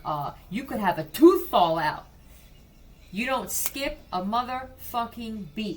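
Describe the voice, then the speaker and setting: A woman's voice: mid-range voice, expressive, a little slow, slight background noise. A woman giving a blunt, profane psychic reading, talking straight to the viewer in a casual way. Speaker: psychic reader.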